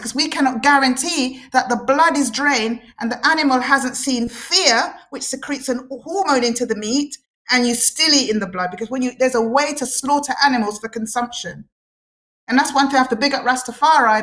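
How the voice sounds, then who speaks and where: Woman guest from the Caribbean, high voice, passionate and preachy. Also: a bit bright. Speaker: guest speaker. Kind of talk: impassioned talk.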